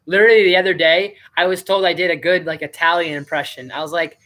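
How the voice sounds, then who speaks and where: A man hosts a loose live stream, chatting to viewers while he reviews a movie. His voice is bright and clear. He rambles and fills his talk with "like" and "um". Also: fairly high pitch, steady tone, quick pace, hardly any pauses. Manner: rambling and chatty, with many fillers. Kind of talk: casual live-stream commentary.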